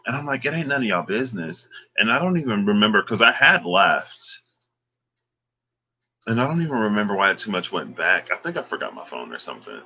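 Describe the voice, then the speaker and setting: A man with a low voice and a hard, bright edge tells a dream in an easy, offhand way. He drops slang and chuckles between thoughts, like a casual vlogger talking straight to camera. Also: sing-song, a little fast, husky. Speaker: dream recounter. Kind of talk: casual storytelling.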